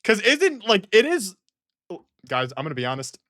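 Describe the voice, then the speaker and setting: A man's voice: high voice, huge pitch swings, normal speed, a bit bright, dry recording, clean studio sound. A man giving comedic reaction commentary in an exasperated, rambling way, often restarting sentences. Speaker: online commentator.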